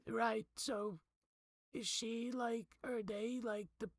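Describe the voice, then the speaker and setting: A man's voice: very high voice, steady tone, slow, no room sound, studio quality, pitched above the performer's own voice, exaggerated voice. A man voicing an awkward, eager young male companion who rambles unsure with many fillers.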